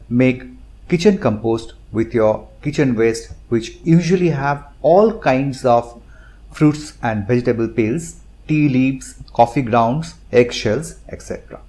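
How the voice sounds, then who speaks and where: A man's voice: medium pitch, warm tone. A man with an Indian English accent giving a methodical, point-by-point gardening lesson as a channel host. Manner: methodical, explanatory, lists points one by one. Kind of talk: instructional narration.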